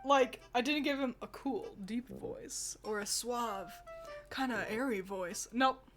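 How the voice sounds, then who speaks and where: A woman's voice: fairly high pitch, takes it slowly, soft background music. A woman streamer in casual, rambling chat, laughing often as she reacts to fan art.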